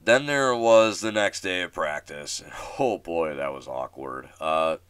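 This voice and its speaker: Low-voiced man telling a rambling story. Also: measured pace, fairly bright tone, clean tone, no room sound. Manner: rambling with many restarts and fillers, self-deprecating. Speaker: podcast host. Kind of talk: casual storytelling monologue.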